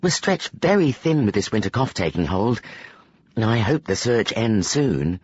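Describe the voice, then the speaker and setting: A man's voice: on the low side, big pitch swings, a little slow, darkish tone, breathy edge, dry recording, highs cut off, exaggerated voice. A man reading aloud and voicing a tired, overworked woman magician chatting with a colleague. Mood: weary chat.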